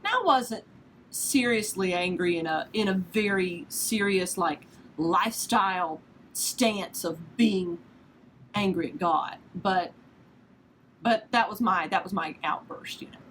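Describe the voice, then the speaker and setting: A woman's voice: mid-range voice, lively intonation, slow, fairly bright tone, rough recording. Woman in her 30s just chatting about faith, storytelling, laughs at herself, bit of hiss behind. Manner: chatty, self-deprecating storyteller who laughs easily. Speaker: podcast host. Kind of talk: casual devotional talk.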